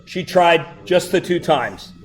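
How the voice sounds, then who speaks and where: A middle-aged male teacher telling funny personal stories to his class, animated and breaking into loud exclamations. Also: a little high, slow, soft background music. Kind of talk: storytelling to a class.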